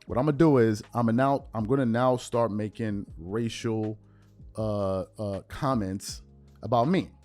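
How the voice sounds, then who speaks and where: A man's voice: fairly low pitch, a little slow, a little mellow. Bronx male host, heated rant, repeats himself for punch, faint music under. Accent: New York (Bronx). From United States. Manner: emphatic, repetitive, rising to indignant outbursts. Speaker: show host. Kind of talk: heated commentary monologue.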